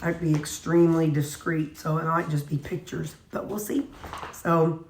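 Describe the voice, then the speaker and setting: A weight-loss vlogger chats in a folksy, talkative way while cooking in her home kitchen for a casual vlog. Her voice sits low with little pitch movement at a normal speed. The mic is distant, picking up background noise, an echoey kitchen, and faint sizzling.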